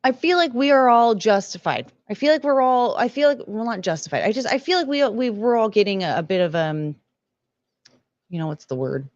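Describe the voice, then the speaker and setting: A woman's voice: fairly high pitch, animated, fairly quick, dry recording, muffled recording. Rambling, emotional woman streamer. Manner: rambling, emotional, swears freely. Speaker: livestream host. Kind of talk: casual livestream commentary.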